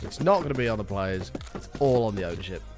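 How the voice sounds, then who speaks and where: Ranting British man with lively pitch. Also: fast talker, faint music behind. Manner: heated ranting, frequent swearing, chatty asides to viewers. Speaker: live streamer. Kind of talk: casual live-stream chat.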